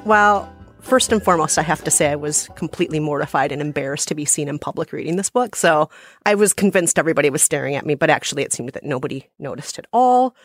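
A woman's voice: deep voice, lively intonation, fast, faint music behind. A woman co-hosting a chat show, telling stories in a playful, self-mocking way. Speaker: podcast co-host. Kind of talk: casual chat.

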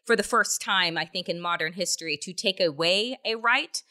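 A woman's voice: fairly low pitch, moderate pace, bright, forceful tone. A woman hosting a political podcast, delivering angry, emphatic commentary with heavy swearing and rhetorical questions. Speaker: podcast host. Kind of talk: opinionated political commentary with profanity.

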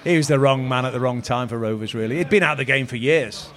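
A man's voice: mid-range voice, quick pace, a bit bright. A middle-aged man, a former footballer telling rambling anecdotes in casual chat. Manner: rambling anecdotal, quotes others in voices. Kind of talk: storytelling chat.

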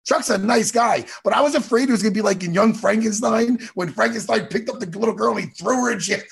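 A man's voice: high voice, fast talker, vocal fry, husky. An American man hosting a casual interview, rambling and joking with lots of swearing. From United States. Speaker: podcast host.

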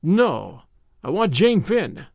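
A man's voice: sits high, big pitch swings, slow, creaky, a little mellow, no room sound, full character voice. Man doing a young American tough, American accent, drawling, menacing but cheerful, dry sound. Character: brash cocky young American man with a gun. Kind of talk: audiobook character voice.

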